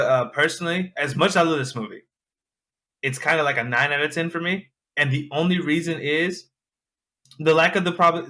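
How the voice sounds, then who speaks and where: A man guesting on a casual podcast, speaking haltingly with many restarts and fillers. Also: on the high side, bright, forceful tone. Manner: halting, full of restarts and ums.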